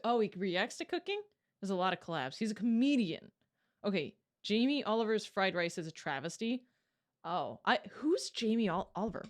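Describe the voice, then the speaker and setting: Lively, high-voiced young woman streamer. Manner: chatty, curious, laughs often. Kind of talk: casual reaction stream chat.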